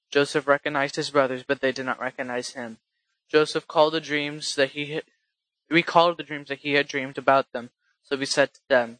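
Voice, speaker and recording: A man reading scripture aloud in a halting way, often restarting and correcting himself. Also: a little high, pushed and bright, no room sound, rough recording. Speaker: scripture reader.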